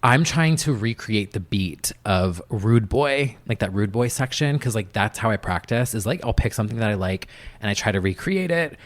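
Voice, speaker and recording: This casual interview chat features a young podcast guest, a music producer, whose fairly low voice is expressive and moderately paced. He tells stories loosely, packing them with fillers and plenty of "like."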